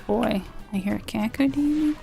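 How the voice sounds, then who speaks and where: A woman's voice: a little high, normal speed, creaky, dark tone, soft background music. A woman streaming a video game, chatting casually and playfully with her viewers and swearing now and then. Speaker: VTuber streamer. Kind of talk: casual gameplay chat with viewers.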